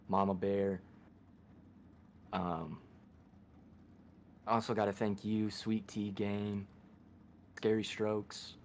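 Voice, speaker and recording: Young man, driver in a post-race interview, easygoing and grateful, a bit low, faint noise behind. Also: darkish tone.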